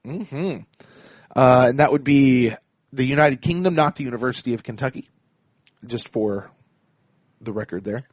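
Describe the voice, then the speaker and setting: A man's voice: mid-range voice, moderate pace, pauses often, dry recording. A man co-hosting a sports podcast, reading listener emails in a laid-back, chuckling way. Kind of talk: casual sports chat. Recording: dry, slightly dull podcast audio.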